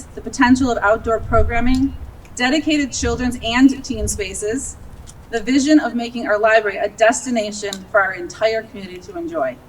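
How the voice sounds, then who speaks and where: A woman's voice: fairly high pitch, slight background noise. Emotional woman giving an outdoor speech. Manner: earnest, a little emotional, laughing at herself. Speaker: library director. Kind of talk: ceremony speech. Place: outdoors at a groundbreaking. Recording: distant outdoor recording, faint ambience.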